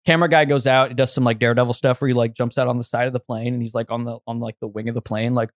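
A young man tells a story in loose, casual chat, wandering through fillers and false starts as he goes. His voice sits at an ordinary pitch, and the recording is dry and close, with no room sound. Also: level tone, very fast, no room sound. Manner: rambling, full of fillers and restarts.

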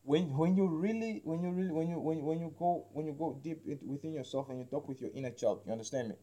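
A podcast host with a fairly high-pitched, dark-toned male voice rambles loosely about spiritual healing. He halts, restarts, repeats words, and keeps asking "you understand me?" while leaning on slang like "man" and "like."

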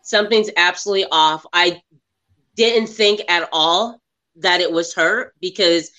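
A woman talks casually about a film she just watched. Her voice is bright and sharp. She retells scenes with animation and slips into quoting the characters. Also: on the low side, measured pace. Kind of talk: casual movie review chat.

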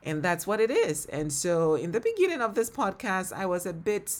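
A woman's voice: medium pitch, sing-song, moderate pace. A woman with a Ghanaian accent hosting a faith-based podcast, talking in an earnest, heartfelt way and laughing often. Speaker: podcast host and ministry leader. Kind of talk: reflective faith-based solo podcast talk.

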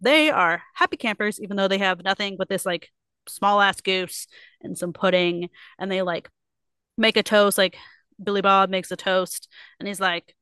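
A young adult woman co-hosting a casual book club podcast, retelling a story with lots of fillers and quick put-on quotes. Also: medium pitch, steady tone, sharp tone, clean tone, no room sound. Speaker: podcast co-host.

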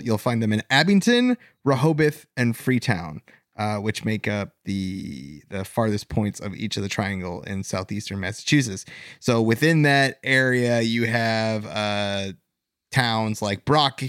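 A man's voice: on the low side, no echo, studio quality. A man hosting a paranormal podcast in casual chat, rambling with fillers and self-corrections. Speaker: podcast host.

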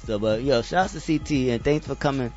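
A man hosting a casual radio show, talking loose and slangy, laughing often and getting excited. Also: mid-range voice, brisk. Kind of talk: casual chat. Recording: dull lo-fi sound with faint music.

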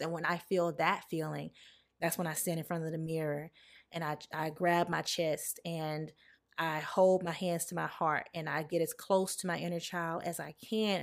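A woman's voice: fairly low pitch, little pitch movement, moderate pace. A woman in her late twenties hosting a reflective solo podcast, talking candidly and heartfelt, speaking straight to her listeners. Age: late 20s. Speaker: podcast host.

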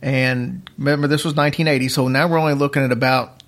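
A man hosting a podcast, telling a story in a casual, rambling way, restarting his sentences and speeding up and slowing down as he goes. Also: medium pitch, steady tone, a bit bright. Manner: rambling, chatty, restarts sentences, uneven pace.

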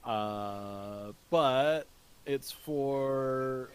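A man playing a tabletop game, talking in character in a halting way with frequent restarts and fillers. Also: medium pitch, smooth.

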